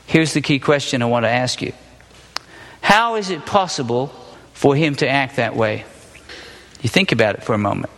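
A man's voice: high voice, bright, forceful tone, long reverb tail. A man teaching a Bible passage, reading it aloud and then questioning his listeners with small laughs.

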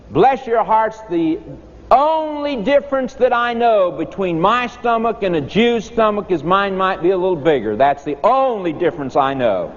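Folksy preacher man with swooping pitch. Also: lively intonation, normal speed, a little hiss or hum. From rural countryside. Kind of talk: sermon. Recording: dull echoey hall recording.

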